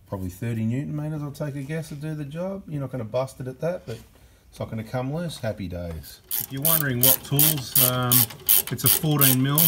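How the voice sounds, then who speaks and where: An Australian mechanic hosts a vehicle workshop video, talking through the job in a chatty, joking way and checking in often with "right?" and "mate". His voice is mid-range, with slight background noise behind the casual commentary.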